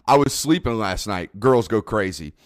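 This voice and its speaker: A man co-hosting a podcast in casual chat, rambling and excitable, often laughing. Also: on the low side, moderate pace, dry recording, studio quality. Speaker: podcast co-host.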